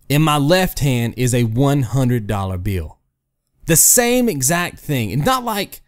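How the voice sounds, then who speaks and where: Gaming host, male, slightly high voice that swings a lot; talks straight to camera, makes his point with made-up stories and keeps asking "right?". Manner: storytelling with hypotheticals. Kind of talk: casual rant to camera.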